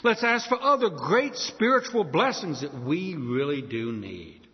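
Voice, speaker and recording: A man preaching a sermon, emphatic, slowing down and lifting his voice on key words. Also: on the high side, big pitch swings. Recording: dull sound with long hall reverb.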